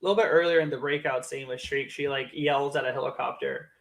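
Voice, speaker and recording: A man co-hosting a casual movie review podcast, retelling scenes with lively quoted lines. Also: medium pitch, fast, vocal fry. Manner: animated retelling, acts out quotes in raised voices. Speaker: podcast co-host.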